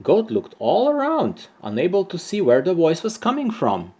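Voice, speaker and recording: A man reading a children's story aloud for primary pupils, expressive and lively. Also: sits high, moderate pace, slightly rough. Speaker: storyteller, teacher.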